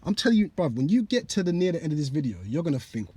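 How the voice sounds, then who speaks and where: A young man talks over a clip in blunt, mocking slang. His pitch leaps up and down as he rants. The voice is a little husky and the sound is dry and close. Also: sing-song, racing, hardly any pauses, warm tone, no room sound. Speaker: reaction channel host. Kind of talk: casual reaction commentary.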